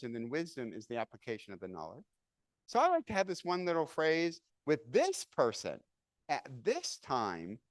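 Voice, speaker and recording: A middle-aged man speaks at a seminar in an animated, lively voice that jumps up and down in pitch. He tells stories and keeps asking the room rhetorical questions. His voice sits a little high for a man, and the sound is dry and close. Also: no room sound. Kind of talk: seminar lecture.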